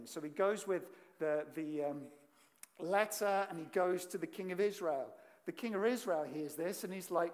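A preacher giving a sermon, emphatic, swinging from loud declarations to hushed, quiet lines. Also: mid-range voice, moderate pace. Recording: long reverb in a large hall.

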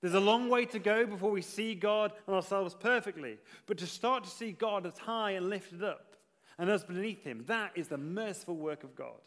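A man preaching a sermon in an earnest manner, rising to emphatic repetition and then dropping low. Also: moderate pace, fairly bright tone, in a large hall.

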